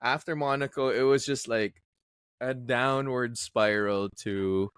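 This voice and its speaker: A man's voice: mid-range voice, steady tone, measured pace, a bit bright, clear, resonant tone, dry recording. A man co-hosting a casual podcast chat, talking emphatically with frequent fillers. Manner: emphatic, bold predictions, many fillers. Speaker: podcast co-host.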